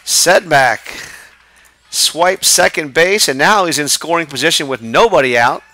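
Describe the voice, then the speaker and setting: Bright-voiced baseball play-by-play man. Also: fairly high pitch, dry recording. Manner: brisk, chatty, laughs with partner. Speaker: play-by-play announcer. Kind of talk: live baseball play-by-play commentary. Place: press box at a high school ballfield.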